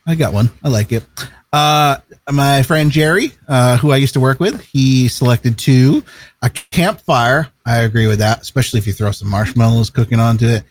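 A man's voice: medium pitch, moderate pace, dry recording. A man co-hosting a casual chat show, talking in an easygoing, rambling way and laughing often. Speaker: co-host.

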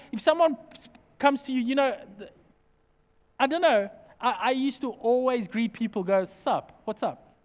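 A man preaching a sermon as pastor, animated and jokey, acting out small everyday scenes as he talks. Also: very high-pitched, big-room sound.

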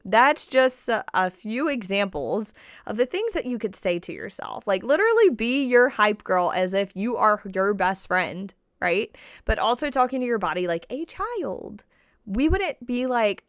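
A woman's voice: mid-range voice, sing-song, moderate pace, dry recording, studio quality. A woman coach giving casual motivational podcast talk, repeating key points and checking in with listeners. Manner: checks in with listeners constantly, "right?" and "okay?". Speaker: body-confidence coach.

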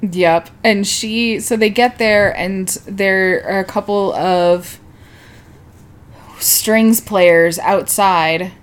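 Woman podcast host, chatty recapper, quick to laugh and curse. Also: medium pitch. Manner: laughs often, swears, acts out quotes. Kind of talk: casual podcast chat recapping a show.

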